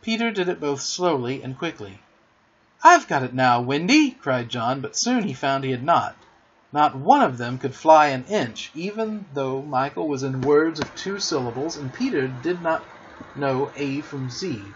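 Male storyteller-host, gentle, expressive read-aloud; husky, slightly high voice. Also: highs cut off. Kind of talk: storybook reading.

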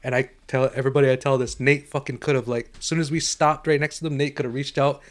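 A man co-hosting a loose podcast among friends, telling a long story with heavy swearing. He talks at an ordinary middle pitch and keeps breaking into laughter at his own tale. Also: fairly even intonation, fast. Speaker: podcast co-host.

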